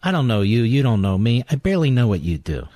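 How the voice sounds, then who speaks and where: A man hosting a talk radio show in a studio, insulting his targets in a ranting, combative monologue that climbs toward shouting. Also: medium pitch, very animated, fast talker, dry recording. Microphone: studio microphone.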